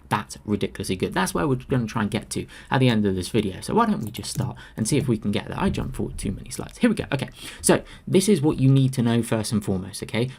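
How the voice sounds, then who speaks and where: Male trading teacher, quick and gravelly, hammers home key points. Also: mid-range voice, darkish tone. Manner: emphatic, repeats key phrases. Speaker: trading educator. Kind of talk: screen-share presentation.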